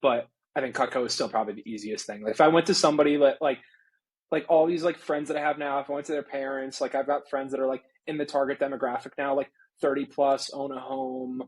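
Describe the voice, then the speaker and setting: A man in his late twenties, a recruiter talking as a guest in a casual interview, relaxed and filling his speech with "like". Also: medium pitch, quick pace, breathy edge, low-quality recording. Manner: relaxed, heavy use of "like".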